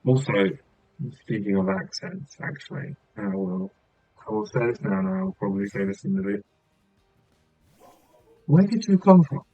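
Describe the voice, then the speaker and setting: A man's voice: mid-range voice, big pitch swings, moderate pace, gravelly, darkish tone, no room sound, highs cut off, soft background music. A man from England with a southern English accent, chatting casually as a game streamer, rambling and dotting his talk with filler sounds. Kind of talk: rambling casual chat while gaming.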